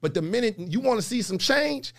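Man, gravelly, raised pitch, casual group chat, preachy, profane. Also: lively intonation, brisk. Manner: preachy, advising the men, profane.

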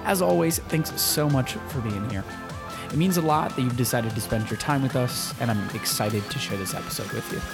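A man's voice: mid-range voice, normal speed, loud music behind the voice. A man hosting a podcast interview, upbeat and chatty, with frequent fillers. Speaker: podcast host.

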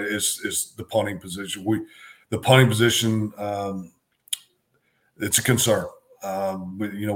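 Low-voiced former coach, emphatic and repetitive. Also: male voice. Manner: emphatic, repeats phrases for stress. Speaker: co-host, former football coach. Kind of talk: casual sports talk.

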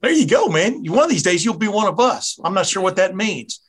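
Bright-voiced chatty Southern man. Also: high-pitched, very animated, a little fast, husky. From American South. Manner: rambling, chatty, self-interrupting. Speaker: podcast host. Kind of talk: casual podcast interview.

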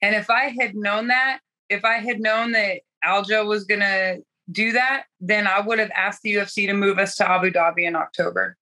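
A woman's voice: mid-range voice, fairly even intonation, moderate pace, few pauses, pushed and bright, low-quality recording. A young adult woman fighter telling her story candidly in a casual interview, laughing often and swearing freely. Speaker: guest fighter.

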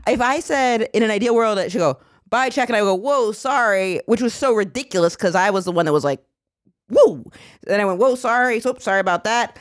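A chatty young woman hosts a podcast and tells stories with lively energy. Her voice sits in the middle of the range. The sound is dry and close. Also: medium pitch, fast, hardly any pauses, dry recording. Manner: chatty, animated storytelling with swearing and laughter. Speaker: podcast host. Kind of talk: casual chat.

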